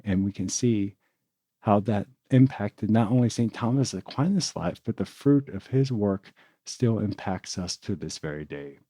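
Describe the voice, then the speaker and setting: A man's voice: on the low side, expressive, a little slow, mellow, dry recording. A man, a diocesan priest, co-hosting a podcast and reflecting earnestly on a saint, with small restarts. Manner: earnest, reflective, with repeated words. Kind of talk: casual podcast chat.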